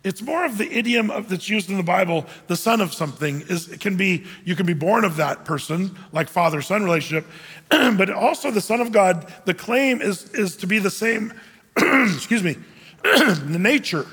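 A man's voice: sits high, lively intonation, moderate pace, fairly bright tone, slightly rough. A middle-aged male pastor preaching a sermon in a conversational, self-deprecating way, often restarting his phrases. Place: church hall. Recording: long hall reverb.

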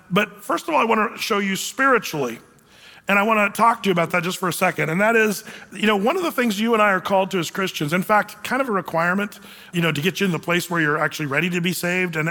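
A man delivers a sermon in a high, bright voice. He preaches emphatically, mixing scripture reading with folksy asides, and a long reverb trails his words. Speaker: pastor.

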